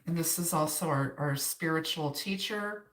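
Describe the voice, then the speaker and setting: With a low voice at normal speed, a woman gives a chatty tarot reading on a live stream, greeting viewers and laughing between cards. She's from Wisconsin, United States, and has an Upper Midwest accent. Her recording carries a roomy echo.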